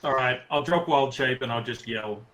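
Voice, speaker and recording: A man's voice: medium pitch, normal speed, fairly bright tone, a little hiss or hum, poor audio. A man playing a tabletop game, earnestly describing and speaking for his character. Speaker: player. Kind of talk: tabletop role-play.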